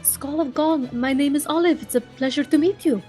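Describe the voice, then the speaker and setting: A woman's voice: sits high, normal speed, warm tone, faint music behind. A woman playing a tabletop game, speaking politely and breaking into giggles. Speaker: player.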